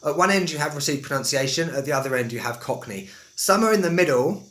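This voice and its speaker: A young man from England with an Estuary English accent, chatting casually as an English teacher and drawing words out slowly to demonstrate. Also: a little high, animated, a bit bright. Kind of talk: casual video lesson.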